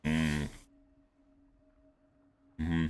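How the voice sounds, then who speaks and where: A man's voice: extremely low pitch, completely flat delivery, drawn-out words, a little mellow, smooth. A man casting an amateur esports league on a live stream, chatting casually and doing playful, mock-formal sponsor reads. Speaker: esports caster.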